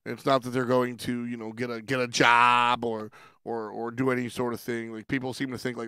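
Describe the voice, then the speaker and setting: Man with a gravelly, smooth voice, rambling. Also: mid-range voice, steady tone, moderate pace, pushed and bright, dry recording, studio quality. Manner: rambling, restarts often, laughs between thoughts. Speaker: stream host. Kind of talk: casual livestream chat.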